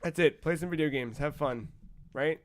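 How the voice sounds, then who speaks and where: A man with a slightly raised pitch hosts a laid-back gaming podcast. He jokes around and laughs often, in a loose, conversational way. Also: normal speed. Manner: joking, laughs often, wraps up the show. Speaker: podcast host. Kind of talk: casual podcast chat.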